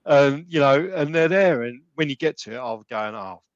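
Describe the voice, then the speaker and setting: A man's voice: fairly high pitch, lively intonation, normal speed, no room sound, dull audio. A man talking casually as a podcast guest, rambling with many restarts and fillers. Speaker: gym client and podcast guest.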